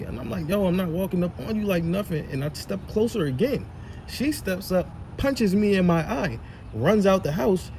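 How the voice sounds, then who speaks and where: Fast-talking man in a heated rant. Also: high-pitched, a little hiss or hum. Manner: animated, acts out quoted lines, swings from soft to loud. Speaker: husband telling his side of a breakup. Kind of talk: heated personal storytelling rant.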